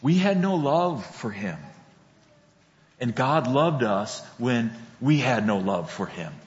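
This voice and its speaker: Slow, deliberate male pastor preaching. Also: mid-range voice, animated. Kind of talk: sermon. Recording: dull lo-fi sound with long hall reverb.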